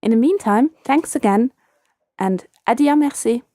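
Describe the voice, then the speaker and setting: A woman hosting a short scripted language lesson, speaking clearly and patiently and repeating phrases slowly for learners. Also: a little high, expressive, over music.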